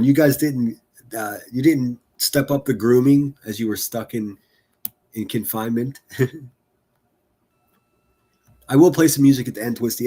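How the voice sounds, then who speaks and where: Man, live-stream host, husky voice, middle pitch, casual commentary, crude jokes, laughs a lot. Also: dark tone. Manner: joking, laughs often, crude teasing humor.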